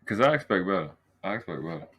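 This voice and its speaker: A man's voice: sits low, very animated, fast, fairly bright tone, slight background noise. A man with a Baltimore accent, teasing and bantering in a casual panel chat. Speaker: panel co-host.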